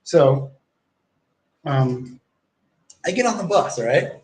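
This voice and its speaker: A man's voice: on the high side, expressive, takes it slowly, a little hiss or hum. A man livestreaming, telling a long rambling story full of swearing and acted-out exchanges. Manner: rambling, profane, acts out quoted exchanges. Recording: echoey room.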